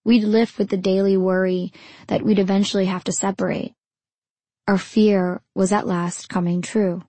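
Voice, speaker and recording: A woman narrating her own memoir in the first person, in a measured, intimate storytelling manner. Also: medium pitch, flat delivery, mellow, dry recording.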